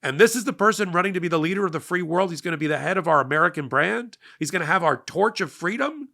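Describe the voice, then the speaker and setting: Middle-aged male host, gravelly and bright-toned, emphatic and energetic political commentary. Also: high voice, fast, few pauses. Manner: emphatic, energetic, rising to loud peaks. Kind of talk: passionate political monologue.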